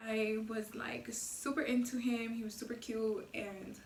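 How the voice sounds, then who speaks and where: A woman's voice: fairly high pitch, a little slow, gravelly, a little hiss or hum. A young woman vlogger telling a casual storytime, slangy and profane, acting out the dialogue as she goes. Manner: slangy, profane, animated retelling with quoted dialogue. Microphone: low-quality camera mic. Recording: echoey room, mic at a distance.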